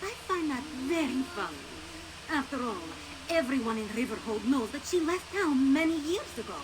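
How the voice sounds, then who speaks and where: An actress voicing a mysterious woman stranger in a video game, smooth, condescending and politely threatening. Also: sits high, lively intonation, normal speed, background noise. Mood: taunting. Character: mysterious woman stranger, silky and veiled-menacing. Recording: game audio with music behind.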